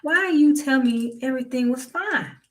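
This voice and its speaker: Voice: high voice, expressive, normal speed, pitched above the performer's own voice. A narrator voicing a fretful old male landowner who asks alarmed questions in a raised voice. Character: anxious old male plantation master, growing panicked.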